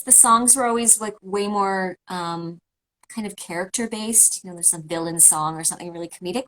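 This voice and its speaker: A woman's voice: mid-range voice, fairly bright tone, low-quality recording. Canadian woman on a video call, chatty and rambly, casual livestream talk. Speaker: voice actor signing autographs on a livestream. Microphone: remote video call.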